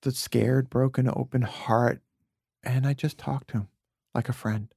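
A man from Brooklyn, a podcast guest, telling reflective personal stories in an earnest, heartfelt way, sometimes dropping to a soft near-whisper. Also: mid-range voice, fairly even intonation, unhurried, creaky, breathy edge, no room sound, studio quality. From Brooklyn, USA. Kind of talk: earnest conversational storytelling.

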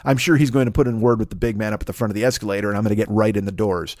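A man delivering a rambling, profane comedic monologue, slipping into quick voices for the people in his story. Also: on the low side, fairly even intonation, darkish tone, no room sound, clean studio sound. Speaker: podcast host.

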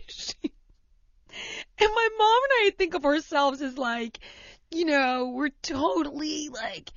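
A woman's voice: sits high, animated, slow, fairly bright tone, no room sound, dull audio. A woman hosting a talk show, telling a story in a casual, rambling way full of "like" and "you know", laughing as she goes.

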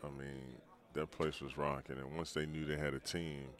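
Deep-voiced older man telling stories. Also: moderate pace. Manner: relaxed, rambling, frequent restarts and laughs. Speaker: former pro basketball player, guest. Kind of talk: storytelling in a podcast interview.

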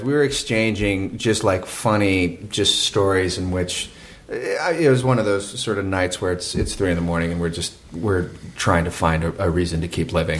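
A man, a podcast guest, telling a rambling story in casual chat, often laughing and filling pauses with um and uh. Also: deep voice.

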